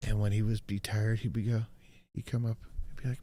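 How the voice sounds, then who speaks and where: A man's voice: fairly low pitch, level tone, a little fast, dark tone. A man co-hosting a stream, teasing and incredulous, laughing often in casual late-night chat. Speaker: stream co-host.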